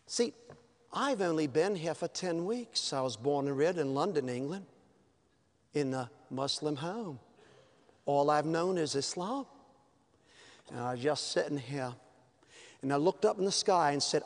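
A man preaching a sermon, telling a story with lively swings from hushed to shouting. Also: fairly high pitch, unhurried, long pauses.

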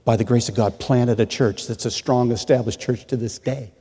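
A middle-aged man from rural Michigan, a pastor telling his testimony in an animated way and acting out the voices of the people in it. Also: mid-range voice, moderate pace, breathy edge. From rural Michigan, USA. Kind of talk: testimony sermon. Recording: long reverb of a large hall.

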